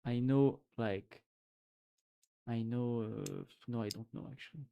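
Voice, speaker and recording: A man's voice: mid-range voice, measured pace, gravelly, dark tone, smooth. A man from France with a French accent, chatting casually on a live stream and thinking aloud with lots of fillers.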